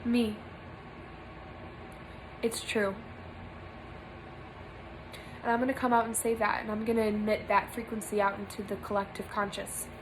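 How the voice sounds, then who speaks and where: A woman's voice: medium pitch, level tone, unhurried, long pauses, a little hiss or hum, low-quality recording. A young woman giving an earnest spiritual monologue to camera from a small room, emphatic and repeating phrases for stress. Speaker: spiritual vlogger.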